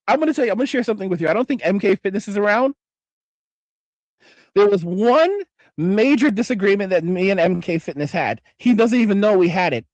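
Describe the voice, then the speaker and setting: A man's voice: very high-pitched, a little mellow, no echo. Late-night host, male: swears constantly, repeats himself for effect, mock-furious, dry close mic. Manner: mock-outraged, heavy swearing, repetitive emphasis. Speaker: livestream host. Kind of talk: profane late-night rant.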